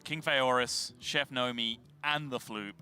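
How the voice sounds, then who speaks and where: A man's voice: mid-range voice, unhurried, sharp tone, soft background music. A man with an English accent casting a live card-game match, self-mocking and chatty. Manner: self-mocking, laughs at his own jokes. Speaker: esports caster. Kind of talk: live game commentary, joking banter.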